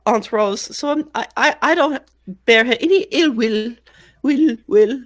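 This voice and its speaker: A woman's voice: on the high side, lightly acted. A woman playing a rambling, earnest young girl. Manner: rambling, halting, many restarts. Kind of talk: tabletop role-play.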